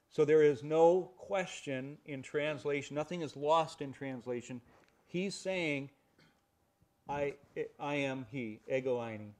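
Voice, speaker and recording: A man's voice: on the high side, darkish tone. A man teaching a Bible study. He explains the passages, reads scripture aloud and asks rhetorical questions.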